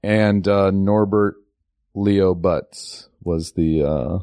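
Mellow-voiced man co-hosting a film podcast. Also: deep voice, extremely slow, dry recording. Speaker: podcast co-host. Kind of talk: casual movie podcast chat.

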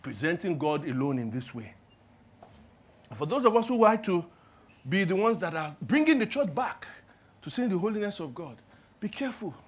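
A man preaching a sermon, asking the congregation to fill in his words and swinging from hushed to loud. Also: sits high, big pitch swings, normal speed, long pauses. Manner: call-and-response questions, swings from hushed to loud. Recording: clear music playing behind the voice.

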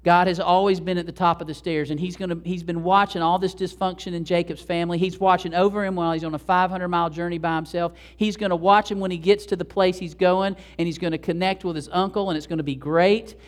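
Conversational pastor preaching. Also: male voice, sits high, fast, few pauses. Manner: conversational, animated, talks directly to the congregation. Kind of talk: sermon.

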